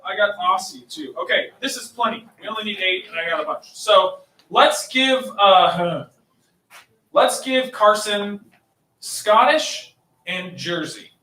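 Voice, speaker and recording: Lively, high-voiced man hosting improv. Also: a little slow. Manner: upbeat, chatty, laughs easily. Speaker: improv show host. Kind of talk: live improv emcee. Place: small coffee shop stage. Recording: roomy distant mic with faint noise.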